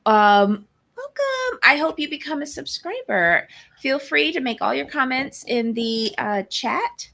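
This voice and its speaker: A woman's voice: sits high, animated, a little slow, creaky, bright, forceful tone. A woman co-hosting a live-streamed recap show, greeting her chat and making blunt, sassy remarks. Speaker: co-host.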